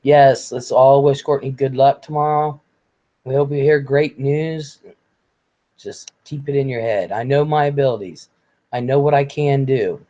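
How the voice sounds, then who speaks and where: A man hosting a live stream in a relaxed, blunt way, reading viewer comments aloud and swearing casually. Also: medium pitch, a little slow, muffled recording.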